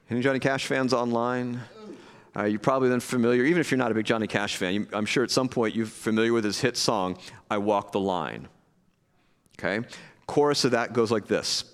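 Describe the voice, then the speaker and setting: A man's voice: medium pitch, clean tone. A man preaching a sermon in a casual, conversational way, acting out scenes with playful asides. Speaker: pastor. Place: church hall with live audience. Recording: long hall reverb.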